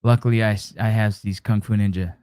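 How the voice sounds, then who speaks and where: A man's voice: fairly low pitch, fairly even intonation, quick pace, a little mellow, no room sound, clean studio sound. Joking man chatting with his stream. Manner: joking, storytelling, reacting to chat. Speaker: live stream host. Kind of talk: casual live-stream chat with viewers.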